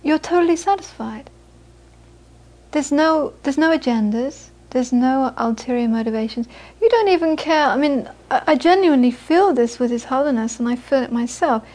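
Brief: woman, Buddhist teacher with a high voice, animated storyteller who turns gentle and earnest in teaching. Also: normal speed. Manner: lively storytelling, acts out the people she quotes. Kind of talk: dharma talk to a small audience.

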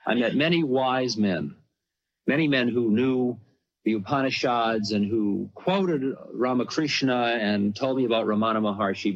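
Man, rambling personal storytelling, husky voice, muffled lo-fi recording. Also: on the low side. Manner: rambling and conversational, full of "you know". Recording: dull lo-fi recording.

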